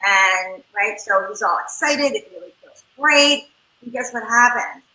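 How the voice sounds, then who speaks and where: A woman family therapist giving advice in an interview, lively and demonstrative as she acts out what parents and children say. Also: a little high, unhurried, echoey room, poor audio.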